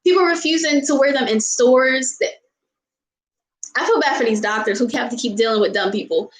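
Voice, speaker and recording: Chatting casually with viewers, this woman from the United States answers their questions at a normal pace in a slightly high voice. She vents with exasperation, laughing and apologizing often. Poor audio, recorded in an echoey room.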